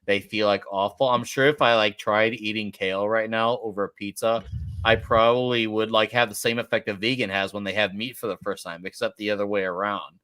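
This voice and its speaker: A man's voice: lowish voice, steady tone, a little fast, sharp tone, smooth, no echo. A man chatting casually on a podcast, rambling through a story with lots of fillers. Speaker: podcast co-host. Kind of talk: casual chat.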